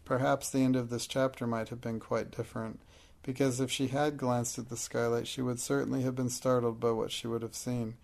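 A man narrating an audiobook in a steady, measured way. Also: mid-range voice, creaky.

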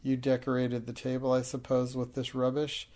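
A man's voice: mid-range voice, completely flat delivery, moderate pace, a little mellow, lightly acted. A man reading the part of a stern, furious schoolmistress in an audiobook, harsh and commanding.

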